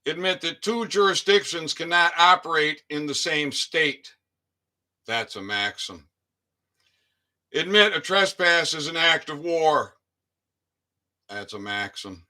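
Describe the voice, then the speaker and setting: A man's voice: on the high side, lively intonation, takes it slowly, pauses often, bright, forceful tone. A man reading a list of formal legal statements aloud, with muttered asides. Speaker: citizen activist.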